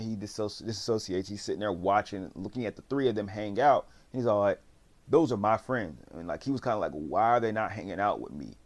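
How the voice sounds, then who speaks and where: A man casually recapping a TV series, rambling in slang and acting out what the characters say. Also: lowish voice. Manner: slangy, rambling storyteller who acts out quotes. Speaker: drama reviewer.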